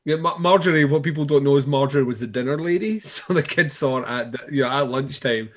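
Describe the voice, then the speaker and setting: A man's voice: medium pitch, fast talker. A man co-hosting a podcast in casual chat, rambling through a recap of a TV show with frequent swearing and restarts. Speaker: podcast co-host.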